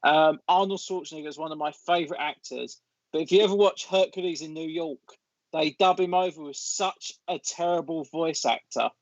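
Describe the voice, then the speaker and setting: A man speaking in a halting, hesitant way, his voice on the higher side. The sound is dry and close, yet dull and muffled, like a remote line. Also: no echo. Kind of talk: casual chat.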